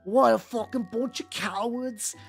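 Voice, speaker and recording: A woman voicing a grumpy, boastful male orc warrior who grumbles slowly and scornfully. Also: a little high, vocal fry, slightly rough, faint music behind, voice pushed up, heavily acted.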